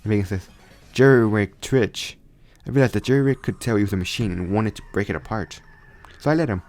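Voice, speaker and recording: A man's voice: fairly low pitch, very fast, darkish tone, soft background music. A young man casually retelling a fan story, rambling with frequent restarts and self-corrections.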